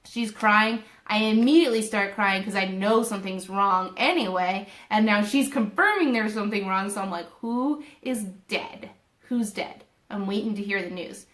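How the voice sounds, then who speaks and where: A young woman tells a personal story in a casual, animated way, acting out her own thoughts as she goes. Her voice sits at a middle pitch and carries a roomy echo. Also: normal speed, hardly any pauses. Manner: animated, emotional retelling with quoted inner voices. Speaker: spiritual video host.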